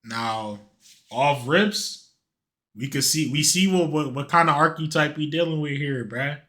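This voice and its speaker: Bright-voiced joking male streamer. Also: on the high side, unhurried. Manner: slangy, animated, joking. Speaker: streamer reacting to a video. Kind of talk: casual reaction commentary.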